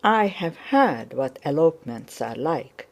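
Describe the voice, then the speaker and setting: A woman reading the part of a brisk, scheming young male officer who barks orders in a low, slow voice. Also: very animated, gravelly, heavily acted. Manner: brisk, commanding, shouts orders.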